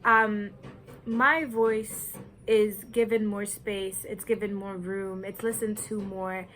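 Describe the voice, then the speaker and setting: A woman from Kenya giving an earnest, deliberate personal reflection, with nervous laughs now and then. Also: medium pitch, steady tone, fairly bright tone, a little hiss or hum, poor audio. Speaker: vlogger.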